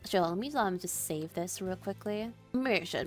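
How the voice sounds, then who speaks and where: A young adult woman streaming a visual novel, talking in a chatty, flustered way with lots of fillers and quick apologies. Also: fairly low pitch, faint music behind. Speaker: VTuber streamer. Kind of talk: casual game stream with visual novel read-aloud.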